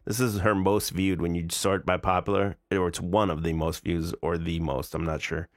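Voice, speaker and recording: A man's voice: low-pitched, level tone, moderate pace, no room sound, clean studio sound. A man in his forties streaming live, reacting to videos in casual, incredulous, mocking commentary. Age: 40s.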